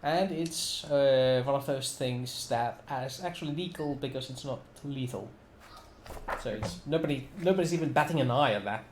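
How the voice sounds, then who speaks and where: A man running a tabletop game session as game master, relaxed and laughing often. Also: medium pitch, normal speed, roomy sound, background noise.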